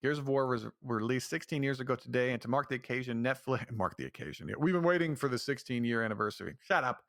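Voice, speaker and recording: A man's voice: medium pitch, lively intonation, quick pace, fairly bright tone, no room sound, studio quality. A man hosting a solo podcast, speaking in a rambling, ranting way with many restarts. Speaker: podcast host. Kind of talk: casual solo commentary.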